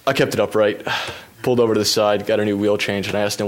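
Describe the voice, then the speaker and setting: Low-voiced man telling a race story. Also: quick pace. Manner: relaxed, self-deprecating storytelling with fillers. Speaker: professional cyclist. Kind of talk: storytelling a personal anecdote.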